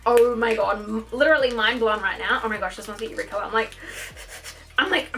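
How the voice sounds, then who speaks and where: A young woman gushing and gasping her way through an excited makeup unboxing vlog. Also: medium pitch, normal speed. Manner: gushing, gasping, exclaims constantly. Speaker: beauty vlogger.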